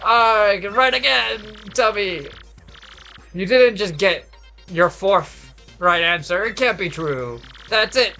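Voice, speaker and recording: A man's voice: high-pitched, expressive, takes it slowly, gravelly, faint music behind, pitched above the performer's own voice, exaggerated voice. A tired man voicing a boastful stone block quiz master creature in a video game, theatrical and taunting. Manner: theatrical, taunting, loudly outraged when beaten. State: tired, strained voice. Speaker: gamer voicing game characters.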